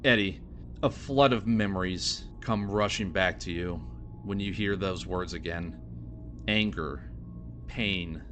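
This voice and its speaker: Deep-voiced man narrating a game. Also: a bit bright. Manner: descriptive, measured storytelling. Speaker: game master. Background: background music.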